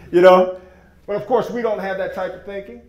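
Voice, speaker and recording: A man's voice: high voice, moderate pace, darkish tone. A man giving an enthusiastic, folksy sales presentation with slides to a seated audience. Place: meeting room with audience. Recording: echoey room.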